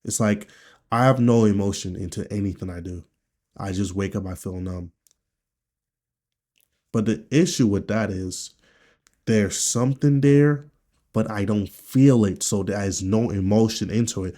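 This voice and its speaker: A man from Nigeria speaks straight to camera in a personal video diary. His voice sits low and mellow, and he talks in a candid, rambling way laced with swearing. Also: measured pace, long pauses. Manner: candid, profane, rambling talk. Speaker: vlogger.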